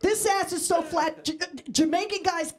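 A brash middle-aged stand-up comedian, Mexican-American and from Mexico, delivers a bawdy set straight to a live comedy club audience with a handheld mic. Her very high-pitched voice holds a steady tone at normal speed amid noisy crowd laughter.

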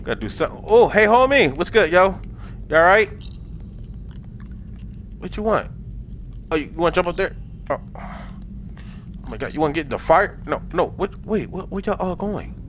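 A man's voice: high voice, animated, moderate pace, pauses often, a bit bright, a little hiss or hum. A young man giving casual let's-play commentary, chatting to the game characters in slang and swearing often. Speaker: gaming channel host.

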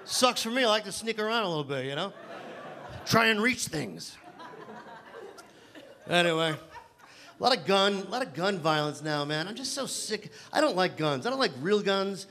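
A male stand-up comic on a club stage with a high, bright voice. His self-mocking stories ramble and trip over restarts, and faint background noise sits under the stage mic. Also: expressive, normal speed, long pauses. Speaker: stand-up comedian. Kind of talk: stand-up comedy set.

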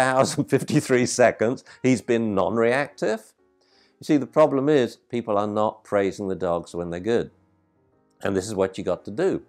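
A male dog trainer giving an animated, emphatic, conversational talk as he answers a viewer's question. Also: mid-range voice.

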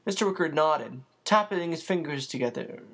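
Lively, lilting storybook reader. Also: medium pitch, normal speed. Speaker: audiobook reader. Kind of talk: storybook narration.

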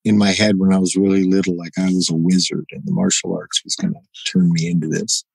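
A man's voice: deep voice, fast talker, creaky, slightly rough, no room sound, low-quality recording. A middle-aged man telling a story as a podcast guest, acting out the dialogue and often tossing in "you know" and "right?". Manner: animated, acts out quoted dialogue, frequent "you know" and "right?". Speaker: podcast guest, jiu-jitsu black belt. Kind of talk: casual storytelling interview.

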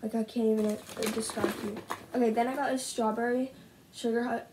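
A teenage girl filming a casual haul video at home, gushing over each item with lots of "like" and "so good", her voice a little rough. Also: fairly high pitch, steady tone, brisk, background noise. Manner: gushing, bubbly, heavy use of "like". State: slightly rough voice. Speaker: vlogger. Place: at home, indoors. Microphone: camera set up in front of her.

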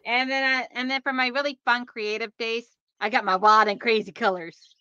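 A woman's voice: on the high side, fairly even intonation, normal speed, bright, forceful tone, smooth, no room sound, lo-fi sound. A woman hosting her own livestream, chatting casually and playfully with friends and viewers. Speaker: livestream host. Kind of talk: casual chat on a sewing livestream.

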